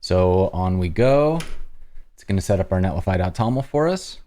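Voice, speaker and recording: A man hosting a live-coding stream, casually talking through each step as he works, with halting restarts. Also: sits low, expressive, dark tone.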